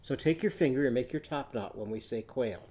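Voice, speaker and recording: A man teaching a children's reading lesson, telling a story in a gentle, patient way and leading slow songs to sing back. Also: medium pitch.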